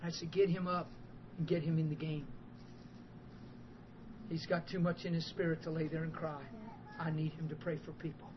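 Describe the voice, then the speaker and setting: High-voiced emphatic preacher, muffled recording. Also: male voice, normal speed, pauses often. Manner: emphatic and animated, building to loud outbursts. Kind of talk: sermon with storytelling. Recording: muffled with faint background hiss.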